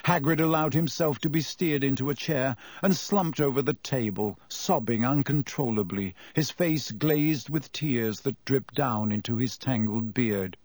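A man narrating a children's fantasy story in a measured storytelling way. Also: mid-range voice, a little mellow, dry recording. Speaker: audiobook narrator. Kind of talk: scripted narration.

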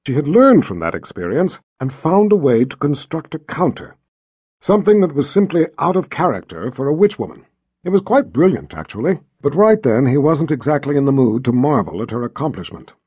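Husky, lively male audiobook narrator. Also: medium pitch, a little fast, no room sound, clean studio sound. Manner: expressive storytelling, voicing every character. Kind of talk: scripted narration.

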